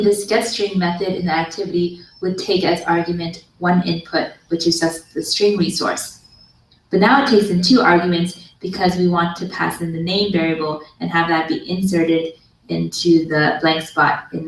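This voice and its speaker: Lowish woman narrating a coding tutorial. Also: echoey room. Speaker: online course instructor. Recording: video played into a room, heard from far.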